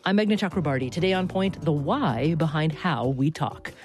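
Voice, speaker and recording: A woman radio host introducing her talk show in a measured, emphatic way. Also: sits low, expressive, a little mellow, faint music behind.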